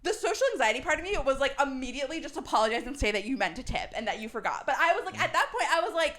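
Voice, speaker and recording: A young woman co-hosting a casual podcast, telling a story in an animated way and laughing as she goes. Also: high-pitched, very fast. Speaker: podcast co-host.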